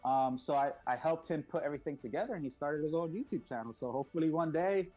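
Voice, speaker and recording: A middle-aged man tells stories as a guest on an interview show. He is animated and acts out other people's voices, with plenty of fillers. The audio is a little dull and lo-fi, with faint music underneath. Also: a little high, fast talker, husky. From United States. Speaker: guest, parent behind a kids' YouTube channel. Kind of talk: casual interview storytelling.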